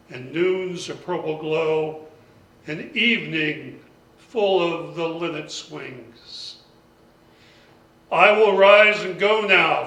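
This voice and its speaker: A man reading a poem aloud in a measured, deliberate way at a poetry salon. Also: a little high, pushed and bright. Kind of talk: slow poetry recitation. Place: lounge bar, indoors. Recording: echoey room, voice from far off.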